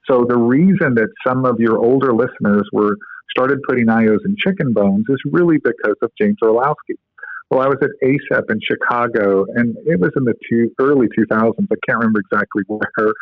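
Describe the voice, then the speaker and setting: A man on a podcast explains a practical medical technique step by step, dropping in ums and stories along the way. His voice sits at a middle pitch. The audio is narrow and tinny, like a phone call, and dry with no echo. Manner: instructive storyteller, explains step by step with fillers. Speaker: guest, co-inventor of a medical device. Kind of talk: podcast interview.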